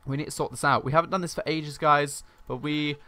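A man hosting a casual let's-play, talking in a chatty, rambling way on a boom-arm desk mic at home. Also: steady tone, a little fast, background noise. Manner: chatty and rambling, with many "like" fillers. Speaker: gaming channel host.

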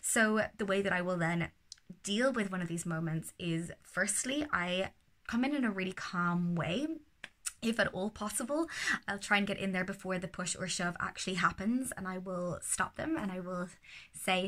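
A woman giving casual parenting advice, calm and steady, sometimes slipping into a soothing sing-song. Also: on the low side, moderate pace. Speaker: parenting educator.

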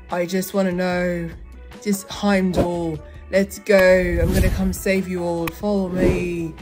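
Chatty young woman reviewing a movie. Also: medium pitch. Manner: chatty, rambling, animated with many fillers. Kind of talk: casual movie review chat.

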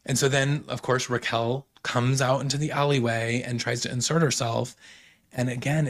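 A young man casually recapping reality TV, excitable and full of filler words. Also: mid-range voice, normal speed. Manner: excitable, lots of "like" fillers, quotes people in paraphrase. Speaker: podcast host recapping reality TV.

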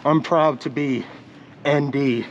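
A man's voice: mid-range voice, steady tone, takes it slowly, dull audio, a little hiss or hum. A man vlogging in costume, talking with proud, upbeat school spirit. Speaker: vlogger in a Mandalorian-style costume. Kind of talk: casual vlog. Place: outdoors and in an arena on campus.

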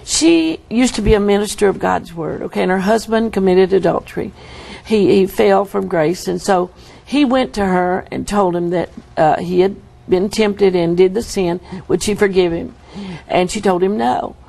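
A woman recounts her testimony in earnest, vivid detail. Her voice is heavily gravelly, full of fry, at a middling pitch. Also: normal speed, warm tone. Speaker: guest. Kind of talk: testimony interview.

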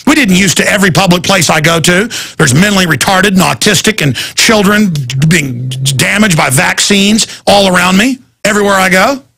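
A man's voice: sits high, normal speed, gravelly, hardly any pauses, sharp tone, slightly rough. A man hosting a talk radio show, delivering a heated, rambling and indignant monologue.

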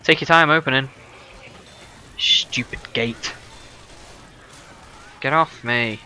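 A man's voice: mid-range voice, takes it slowly, bright, forceful tone, slight background noise. A man giving sarcastic, exclaiming commentary while playing a video game. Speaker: gaming video host. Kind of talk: let's play commentary.

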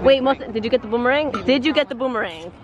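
A woman's voice: sits high, expressive, fast talker, highs cut off, a crowd in the background. A young woman casually vlogging with her partner, playful and teasing, laughing often. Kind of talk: casual couple vlog chat.

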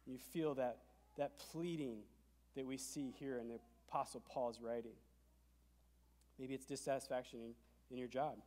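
A man preaching a sermon as pastor, emphatic, swinging from hushed to loud, in a church sanctuary. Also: medium pitch, fairly even intonation, normal speed, long pauses. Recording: long hall reverb.

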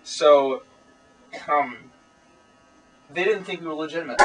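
A man's voice: on the high side, a little slow, faint music behind. A teenage boy co-hosting a comedy web show, lecturing in a pompous, mock-serious way. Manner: pompous, preachy mock authority. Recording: voice distant from camera mic.

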